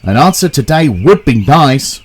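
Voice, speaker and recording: Man plays impatient engine driver, mocking and brisk, everyday voice. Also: a little high, very animated, noisy background, pitched above the performer's own voice. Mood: cross. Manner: brisk and mocking, turning cross.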